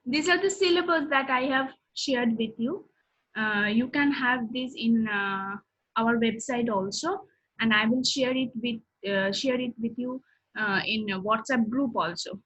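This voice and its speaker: Husky-voiced woman lecturing. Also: a little high, unhurried, low-quality recording. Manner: steady, explanatory, lists topics one by one. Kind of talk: recorded lecture.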